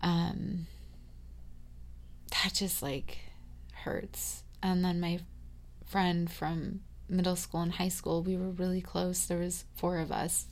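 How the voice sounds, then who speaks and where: A woman in her thirties hosting a podcast, talking through a rambling, confiding personal monologue full of fillers, dropping to a hush and then rising loud. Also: lowish voice, little pitch movement, takes it slowly. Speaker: podcast host.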